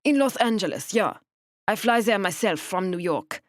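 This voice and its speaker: A woman's voice: medium pitch, expressive, normal speed, no room sound, voice pushed up, natural voice. A woman voicing a stocky German widow with a thick German accent, speaking curtly and snappishly in an audiobook. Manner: curt, snappish, clipped.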